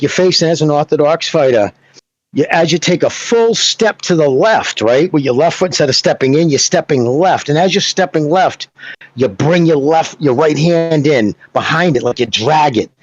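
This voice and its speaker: A man's voice: a little high, no echo. Podcast guy rambling thru boxing technique, swears a bit, muffled lo-fi audio. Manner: rambling, swears, keeps asking "you know what I mean". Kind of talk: casual chat, technical breakdown. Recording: dull lo-fi sound.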